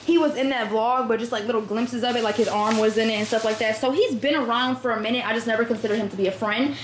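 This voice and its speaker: Speaking fast and on the high side, this young Michigan vlogger keeps things chatty and full of exclamations, addressing her audience as y'all. She records in an echoey room where faint background noise can be heard.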